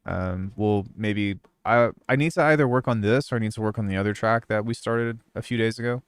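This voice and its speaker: A young man talking loosely to his stream audience, meandering with lots of fillers. His mid-range voice is smooth and clear. The sound is close and dry, with no echo. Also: lowish voice, fairly quick. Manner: relaxed, rambling, many fillers. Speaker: music producer streamer. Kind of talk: casual live-stream chat.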